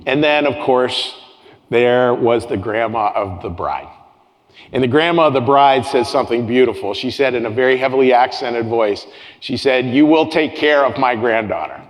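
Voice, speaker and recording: A man's voice: medium pitch, moderate pace. A man preaching a sermon as pastor to his congregation, earnest, often repeating phrases and restarting his sentences. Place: church sanctuary with congregation. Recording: long hall reverb with soft guitar.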